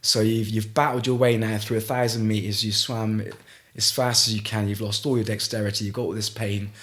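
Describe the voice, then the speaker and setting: Low-voiced man telling a story. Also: little pitch movement, a bit bright. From Gloucester, England. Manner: halting, frequent restarts, vivid retelling. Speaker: guest, ice swimmer. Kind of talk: casual storytelling in a podcast interview.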